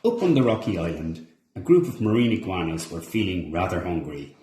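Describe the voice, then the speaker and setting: Read-along narrator: man, expressive and animated, recorded in a reverberant room. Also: low-pitched, brisk. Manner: expressive, animated character voices. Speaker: storybook reader.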